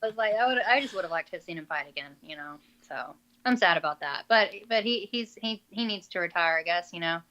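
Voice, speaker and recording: A young adult woman fighter answering interview questions in a halting, filler-heavy casual way over a call. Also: lowish voice, expressive, bright, forceful tone. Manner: halting, many fillers and restarts. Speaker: MMA fighter being interviewed. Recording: dull lo-fi call audio.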